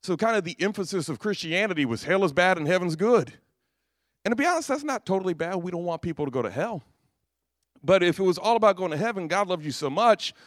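A man's voice: high-pitched, no echo, clean studio sound. A man preaching a sermon who tells stories, acts out the voices in them and laughs at his own jokes. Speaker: pastor.

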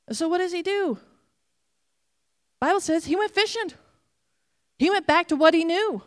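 A woman preaching a sermon, retelling a story with animated storytelling and acted-out voices. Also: very high voice, moderate pace, long pauses.

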